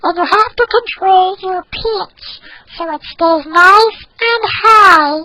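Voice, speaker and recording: A man's voice: very high voice, takes it slowly, background noise, voice pushed up. A man voicing a small, cheerful, childlike furry monster, with a squeezed nasal tone pushed to the back of the throat. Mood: chirpy.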